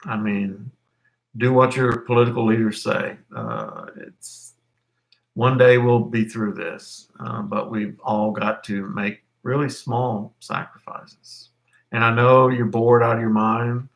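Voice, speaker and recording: A man's voice: mid-range voice, slow, vocal fry. A middle-aged man teaching history over a live stream, rambling and correcting himself with many fillers.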